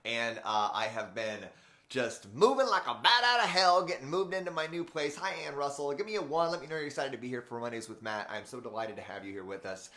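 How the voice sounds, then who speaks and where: A man's voice: mid-range voice, fast, hardly any pauses, fairly bright tone. A man hosting a live motivational stream, chatting loosely and greeting viewers by name. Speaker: host, transformational speaker and coach. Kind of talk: unscripted live-stream talk. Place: room in a new house being made into a studio. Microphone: camera framing, live stream. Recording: echoey, mostly empty room.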